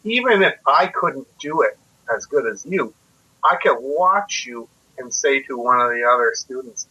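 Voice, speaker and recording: A man's voice: mid-range voice, animated, a little slow, bright, forceful tone, slightly rough. A man from Canada in his forties, a guest telling stories in a casual interview, reflective and self-deprecating, explaining things step by step. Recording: muffled lo-fi audio.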